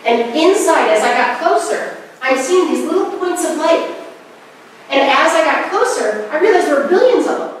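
A woman's voice: high voice, moderate pace, slight background noise. Middle-aged woman presenting in an echoey hall. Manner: animated storytelling, acting out quoted voices. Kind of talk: spiritual talk to a live audience. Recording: very echoey hall, mic at a distance.

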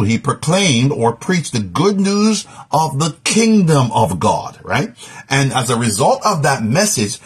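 A man's voice: medium pitch, breathy edge. A man teaching a live Bible study, emphatic, repeating key words and asking rhetorical questions.

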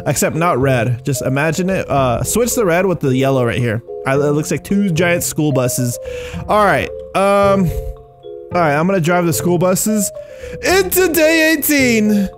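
A man giving casual, excitable commentary as he plays a video game, joking and yelping. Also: moderate pace. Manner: excitable, jokey, bursts into laughter and high yelps. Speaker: gaming YouTuber. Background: game music.

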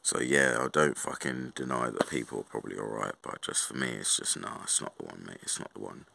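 A man's voice: extremely low pitch, fairly even intonation, a little fast, vocal fry, bright, forceful tone. A young man in a casual, sweary storytime rant, repeating himself and saying bruv and mate. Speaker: vlogger.

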